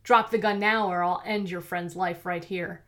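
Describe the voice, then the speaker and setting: A woman voicing a menacing, vengeful male villain who threatens and shouts. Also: on the low side, fairly even intonation, normal speed, natural voice. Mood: shouting.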